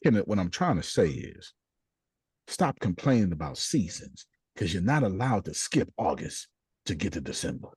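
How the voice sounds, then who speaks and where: A middle-aged man leading a group video call, preaching in a blunt, slangy way with casual swearing, jumping from low asides to high exclamations. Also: big pitch swings, moderate pace, a little mellow, breathy edge, no room sound. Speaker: host leading a group discussion. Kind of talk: preacherly motivational talk.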